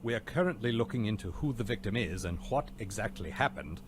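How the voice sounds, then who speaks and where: An actor playing a weary, dry-witted butler in a game, speaking in a formally polite, deadpan way. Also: male voice, lowish voice, fairly quick, background noise, lightly acted. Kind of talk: video game voice acting.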